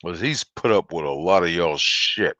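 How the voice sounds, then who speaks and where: A man's voice: sits low, lively intonation, moderate pace, sharp tone, no room sound, muffled recording. A man hosting a livestream in casual chat, laughing often and swearing as he rambles about movies. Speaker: livestream host.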